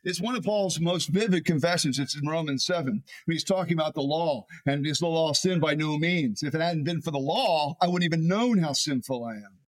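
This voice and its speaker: A man, a pastor, preaching a sermon in an animated way, often repeating words as he builds a point. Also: fairly high pitch, a little fast, few pauses.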